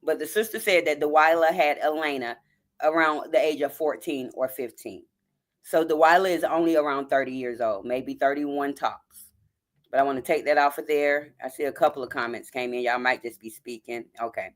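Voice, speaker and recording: A woman's voice: low voice, normal speed. A woman hosting a live stream, choked up and near tears as she reads a story aloud and talks to her viewers as y'all. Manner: addresses viewers as y'all, greets chat by name. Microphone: phone.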